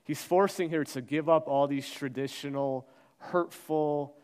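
Man preaching, swinging soft to loud. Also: a little high, steady tone, a little slow, smooth. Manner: dramatic, acts out quoted voices, shifts from soft to loud. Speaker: pastor. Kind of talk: sermon.

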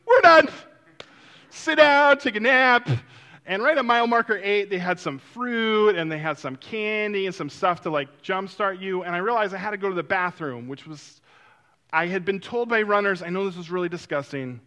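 A man telling a personal story in a sermon-like way, acting out quotes and then turning soft and reflective. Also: sits high. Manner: animated, acts out quotes, drops to a soft reflective tone.

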